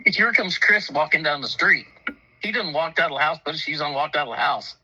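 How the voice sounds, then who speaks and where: Husky, laughing storyteller man. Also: a little high, fairly quick, pushed and bright, poor audio. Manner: profane, laughing often, acts out voices in his story. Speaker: storyteller on a talk show. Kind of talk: casual storytelling.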